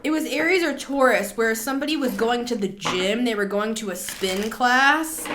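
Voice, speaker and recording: Woman reading tarot, rambly and chatty, goes off on animated tangents. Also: a little high, moderate pace, a little hiss or hum. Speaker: tarot reader.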